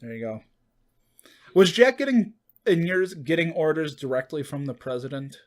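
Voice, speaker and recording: Wry, slightly high-pitched podcast co-host. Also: male voice, expressive, moderate pace. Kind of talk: casual chat.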